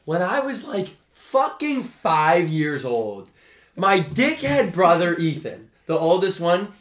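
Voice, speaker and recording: An excitable young man telling stories on a podcast. His pitch is high and jumps around, he swears freely and laughs as he talks, and the room is echoey. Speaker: podcast host. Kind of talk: casual chat.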